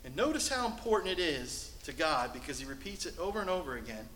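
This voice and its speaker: A male pastor preaching a sermon from the pulpit, shifting between loud, emphatic lines and hushed, soft passages. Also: on the high side, sing-song, quick pace, echoey room, a little hiss or hum, poor audio. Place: church sanctuary.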